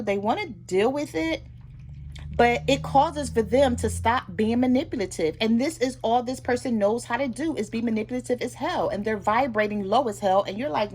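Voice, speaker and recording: A woman giving a casual tarot reading to her viewers, chatting freely and acting out what both partners might say. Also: on the high side. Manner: chatty, acts out both sides of a relationship in quick asides. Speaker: tarot reader.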